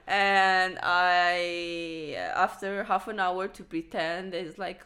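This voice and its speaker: A woman from Romania in her thirties, telling a childhood story in casual chat, animated and laughing as she acts out the people in it. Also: fairly low pitch, slow.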